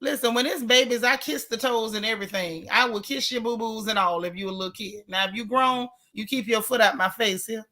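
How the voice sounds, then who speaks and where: A woman's voice: fairly high pitch, fairly quick, few pauses. A woman hosting a casual live stream, reading viewer comments and speaking out in an emphatic, outspoken way. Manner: animated, outspoken, emphatic repetition.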